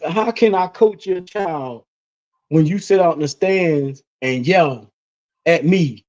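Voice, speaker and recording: High-voiced man telling animated stories. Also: slow. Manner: animated storytelling, swearing, laughing often. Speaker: podcast co-host. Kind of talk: casual chat. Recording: dull lo-fi sound.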